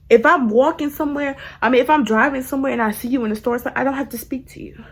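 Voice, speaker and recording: A young woman recounts a run-in on camera in casual storytime style. Her voice sits fairly high with a husky edge. She talks straight to viewers and laughs through the telling. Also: fast talker. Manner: animated, addresses viewers as "y'all", laughs mid-story. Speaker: vlogger.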